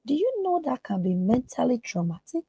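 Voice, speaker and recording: A woman's voice: on the high side, big pitch swings, brisk, creaky, dark tone, slightly rough, no echo, rough recording. A woman therapist speaking as a podcast guest, earnest and emphatic. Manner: emphatic, acts out quoted voices.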